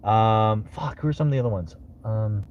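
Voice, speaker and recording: A man's voice: fairly low pitch, moderate pace, muffled recording. A young man hosting his live stream as a voice actor. He answers viewers casually, rambling with fillers and swearing now and then. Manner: lively, swears casually, drops into character voices between answers; rambling with many fillers and restarts.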